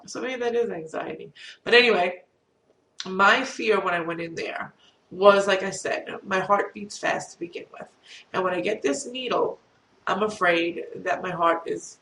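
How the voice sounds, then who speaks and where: A middle-aged woman with a cold tells a rambling, self-deprecating story straight to camera. Her voice carries a gravelly fry. She sits well back from the mic in a roomy, echoing space. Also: medium pitch, a bit bright. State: has a cold. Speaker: vlogger. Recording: roomy echo, distant from mic.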